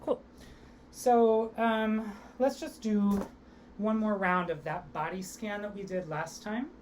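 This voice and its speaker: A young woman teaching an online theatre workshop, leading vocal and body warm-ups with upbeat encouragement. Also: mid-range voice, fairly even intonation, slow pace, a little hiss or hum. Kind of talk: online acting workshop instruction.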